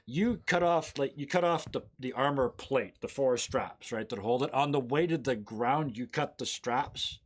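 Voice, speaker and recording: A man's voice: mid-range voice, a little slow, few pauses, husky. A man narrating as game master of a tabletop role-playing game, laughing often and acting out the scenes.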